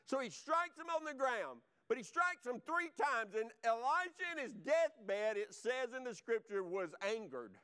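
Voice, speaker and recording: A man's voice: extremely high pitch, sing-song, measured pace, hardly any pauses, bright, forceful tone, clean tone. A male pastor preaching a sermon, fervent and exhorting, driving points home by repetition.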